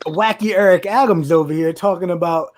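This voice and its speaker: Male co-host with a slightly high voice, teasing and interrupting in casual banter. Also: a little fast. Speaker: podcast co-host. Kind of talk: casual chat.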